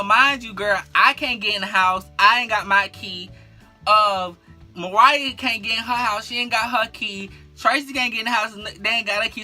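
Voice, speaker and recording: Full of fillers, slang and profanity, a mid-range voice spins a casual, animated story for a vlog, often turning aside to address the viewer directly.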